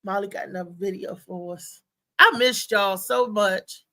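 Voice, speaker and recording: A woman's voice: mid-range voice, moderate pace, heavy background noise. A woman hosting a live talk show, chatting casually and telling rambling stories with a lot of laughter. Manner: animated rambling storyteller, laughs often.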